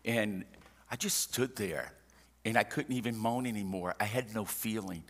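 A man's voice: lowish voice, normal speed, fairly bright tone. An older man preaching a sermon as pastor, building in intensity and calling for amens. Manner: preaching with rising intensity, calls for amen. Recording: echoey church hall with live band.

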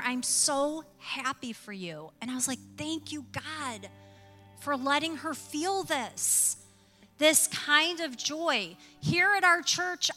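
Woman pastor, bright higher voice, earnest sermon delivery with long reverb. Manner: earnest, slow emphatic phrasing with storytelling. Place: church.

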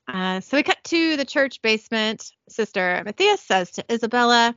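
A woman's voice: fairly high pitch, expressive, moderate pace, few pauses, fairly bright tone, no room sound, highs cut off. A woman recapping an episode casually, reading out dialogue in a chatty, giggly, self-deprecating way.

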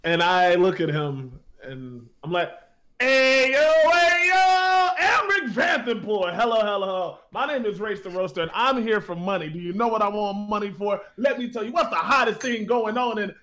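A man voicing a brash male hustler bard in a tabletop game, talking fast and pushy. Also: high-pitched, a bit bright. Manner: rapid, brash sales patter.

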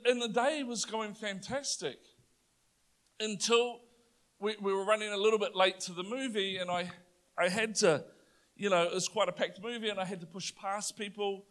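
With a New Zealand accent and a voice that sits high, a young adult man preaches a sermon. He shares a personal story with animated energy that builds to loud declarations.

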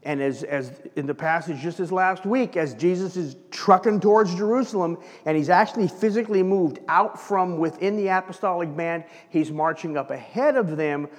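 A male pastor delivers a sermon in an easy, conversational way, often tossing "right?" to the room. His voice sits a little high for a man. The sound carries a long reverb from a church sanctuary. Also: normal speed, few pauses.

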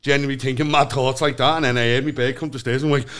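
A man's voice: fairly high pitch, sing-song, quick pace, few pauses, fairly bright tone. A man, a guest on a casual podcast chat, telling stories full of swearing and often laughing through his own words.

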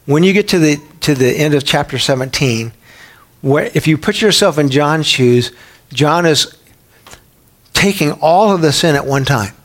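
A man's voice: fairly high pitch, animated, a little slow, fairly bright tone. A middle-aged man preaching a Bible teaching sermon in a conversational way, sometimes acting out quoted voices. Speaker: pastor.

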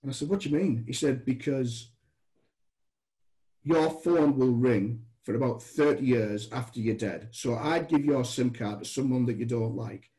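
Mellow British man telling stories. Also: mid-range voice, moderate pace, poor audio. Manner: chatty, restarts, animated quoted dialogue. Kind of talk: casual anecdotal storytelling.

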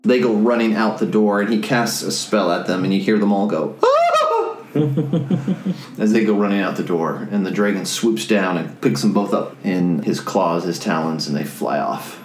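A man narrating as game master, describing the scene in an animated way. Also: sits low, normal speed, echoey room, slight background noise.

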